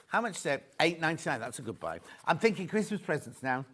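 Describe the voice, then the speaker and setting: A man's voice: fairly high pitch, big pitch swings, fast talker, fairly bright tone. A man hosting a live shopping show, chatting casually, joking with the crew and reading out viewer messages. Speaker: shopping channel host.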